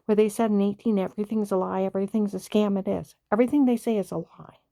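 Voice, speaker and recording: Gravelly, indignant woman ranting. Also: mid-range voice, steady tone, fast talker, mellow, no room sound, studio quality. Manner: stutters when upset. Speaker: vlogger. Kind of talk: angry personal monologue.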